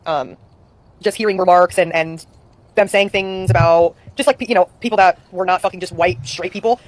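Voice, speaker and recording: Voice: mid-range voice, moderate pace. A streamer in casual chat, rambling and swearing a lot.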